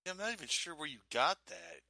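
A man co-hosting a casual podcast, delivering sarcastic jokes in a deadpan way. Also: on the high side, fast talker, dry recording. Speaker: podcast co-host. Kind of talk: casual chat.

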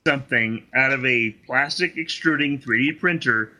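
A man co-hosting a casual podcast, cutting in with crude jokes and quick comments. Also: mid-range voice, pushed and bright. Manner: crude, joking interjections. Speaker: podcast co-host. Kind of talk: casual chat.

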